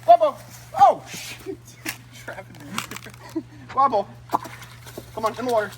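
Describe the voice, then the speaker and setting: A man keeper hosting a casual vlog outdoors among animal enclosures, excitable and shouting at the animals now and then. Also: very high-pitched, takes it slowly, background noise. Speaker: reptile keeper and host.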